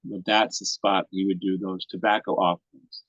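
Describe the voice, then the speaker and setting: A man's voice: low voice, flat delivery, moderate pace, a bit bright, no echo. A man in his sixties at a retreat discussion, telling a story to a group in a folksy, meandering way. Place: retreat center meeting room. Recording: dull, lo-fi, dry sound.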